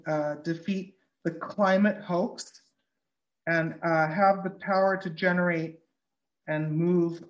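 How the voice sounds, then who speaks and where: Podcast host, blunt, swears casually, middle pitch, muffled lo-fi audio. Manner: blunt, swears, decodes speeches line by line. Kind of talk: casual political talk show.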